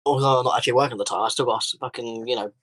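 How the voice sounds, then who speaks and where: A man's voice: mid-range voice, very fast, no room sound, rough recording. A man co-hosting a podcast, telling workplace stories in casual chat and swearing freely. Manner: swears freely, animated storytelling. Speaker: podcast co-host.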